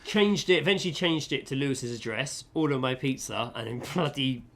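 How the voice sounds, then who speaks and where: A man's voice: mid-range voice, a little fast. A man, co-hosting a podcast and telling an anecdote in casual chat, acting out the dialogue. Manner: animated storyteller, acts out dialogue. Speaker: podcast co-host.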